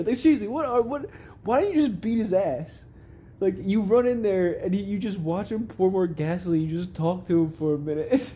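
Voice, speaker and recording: Young male vlogger, rambling and profane, slightly high, mellow tone, faint noise. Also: normal speed. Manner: rambling, swears a lot, laughs through excited bits. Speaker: vlogger recapping a show. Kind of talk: casual rambling recap.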